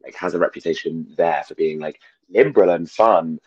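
A hoarse young man with a very deep voice chats as a guest over a video call, rambling and self-deprecating. The audio is dry and slightly dull. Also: moderate pace, darkish tone, no echo. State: hoarse, losing his voice. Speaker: guest comedian. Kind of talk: casual chat.

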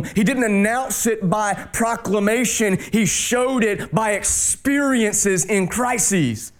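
A man pastor preaching a sermon, dropping his voice low and slow on key words for emphasis.

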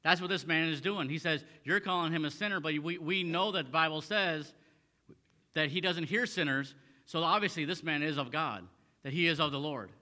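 Guy preaching in a church, bright ringing voice, long hall echo, lots of uh's and repeats. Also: fairly high pitch, normal speed. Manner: reads scripture then paraphrases with fillers and repeats. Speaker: pastor. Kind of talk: sermon. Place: church sanctuary.

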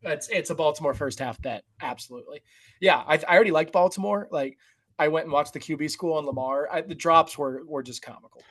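A man co-hosting a sports podcast, leading the game preview in a relaxed, conversational way. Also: fairly high pitch, fast talker. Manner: relaxed and conversational, says "like" and "uh" a lot. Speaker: co-host running the game preview. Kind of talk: casual sports podcast chat.

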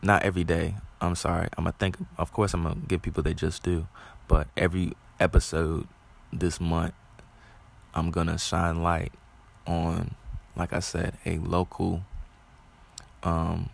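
A man's voice: low voice, monotone, a little slow, vocal fry, pauses often. A man hosting his own show, talking in a loose, rambling way with many fillers and restarts. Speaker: podcast host. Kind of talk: casual monologue.

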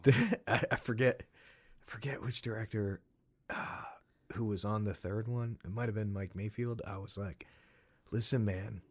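A man's voice: lowish voice, fairly even intonation, moderate pace. A man chatting as a podcast guest, chatty and laughing often, repeating himself. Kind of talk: casual chat.

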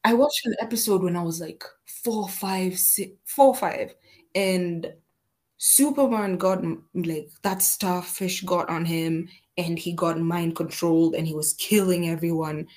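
Young woman, Kenyan-born podcast guest, low-set voice, lively anecdote teller. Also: measured pace. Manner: animated, self-deprecating, acts out quotes. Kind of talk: casual conversational storytelling.

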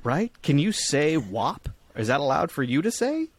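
A man's voice: a little high, sing-song, moderate pace, no echo. A young man co-hosting a podcast in casual chat, rambling with restarts and swearing freely. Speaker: podcast co-host.

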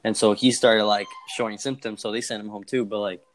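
Fast-talking young man telling a story. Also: on the low side, flat delivery, a little hiss or hum. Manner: fast, profane, acts out quoted voices. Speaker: podcast co-host. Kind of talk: casual storytelling chat.

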